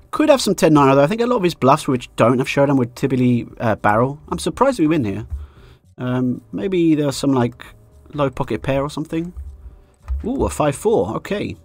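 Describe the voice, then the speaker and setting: A man's voice: a little high, no room sound. A man commentating a live poker stream, thinking aloud about hands and chatting with his viewers in a joking way.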